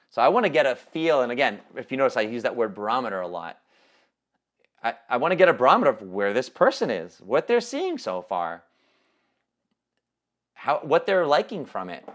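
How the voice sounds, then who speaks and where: A man's voice: mid-range voice, big pitch swings, a little fast, long pauses, a bit bright. A man leading a training call on coaching sales, talking casually with many fillers and restarts. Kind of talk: teleconference training talk.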